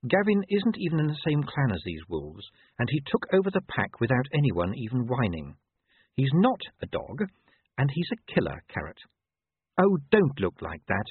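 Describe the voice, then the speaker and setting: Male reader plays a blunt young werewolf woman, dry and sarcastic; tinny, husky lo-fi take. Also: medium pitch, huge pitch swings, moderate pace, no room sound, voice pushed up. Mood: sardonic.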